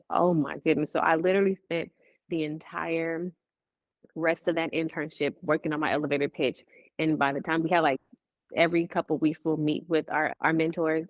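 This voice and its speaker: A woman's voice: low voice, moderate pace, no echo. A young woman, a business coach, talking casually as an interview guest, laughing often and acting out conversations she recalls. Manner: chatty, laughs often, acts out quoted talk.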